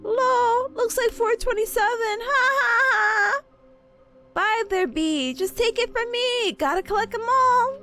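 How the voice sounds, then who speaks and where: A very high-voiced woman streams a game, giggling and riffing in a playful, chatty way. Her pitch leaps about with lively energy, and faint music plays behind her. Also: normal speed, hardly any pauses. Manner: playful, giggly, reads game text aloud.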